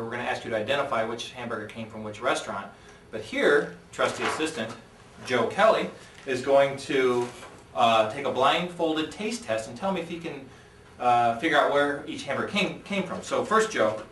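A man hosting a joking video segment, teasing his co-worker in a deadpan way. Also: medium pitch, normal speed. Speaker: host. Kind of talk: joking casual chat. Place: newspaper office room. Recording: roomy audio, mic at a distance, faint noise.

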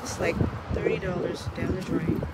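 A woman filming and commenting casually on her dogs, scolding them playfully, laughing, and loudly calling for her things back, recorded outdoors on a phone. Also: fairly low pitch, steady tone, moderate pace, heavy background noise. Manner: loud pleading calls.

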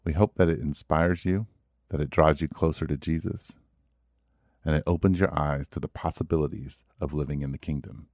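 A man's voice: rumbling low, steady tone, moderate pace, a little mellow, dry recording, studio quality. A man who is a pastor, giving a short friendly welcome to a church podcast. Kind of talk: podcast intro announcement.

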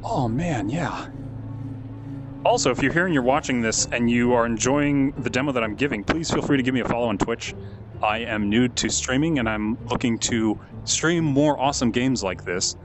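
Male streamer, middle pitch, talks to chat and gets excited at what he sees, via headset mic. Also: normal speed, background noise. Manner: chatty, thanks chat viewers by name; excitable, easily amazed. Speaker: game streamer. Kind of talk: live game stream commentary.

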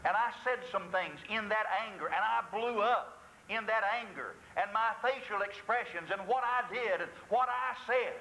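A man's voice: sits high, moderate pace, bright, forceful tone, rough recording. A male pastor preaching a sermon in a church, asking rhetorical questions and acting out confessions.

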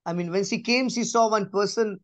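A man giving a conversational Bible teaching, emphatic, repeating key phrases and dropping to a soft, low voice. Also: brisk, no echo. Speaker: preacher.

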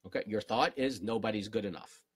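A man's voice: fairly low pitch, brisk, breathy edge, dry recording. A man, a relationship coach, answers viewers' questions in an earnest, encouraging live-stream Q&A and repeats his key phrases. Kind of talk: live-stream Q&A, motivational advice.

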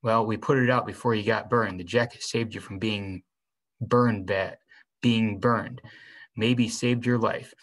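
A man reading the lines of a kindly grown man who calmly reassures a hurt teenager. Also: on the low side, a little slow, rough recording. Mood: explaining.

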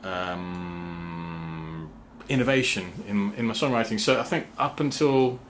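Casual vlogger, male, lowish voice, halting and filler-heavy, faint noise behind. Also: steady tone, fairly bright tone. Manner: halting, many fillers and restarts; sings rhythm syllables to explain meter. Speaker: songwriter and channel host. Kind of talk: casual talk to camera.

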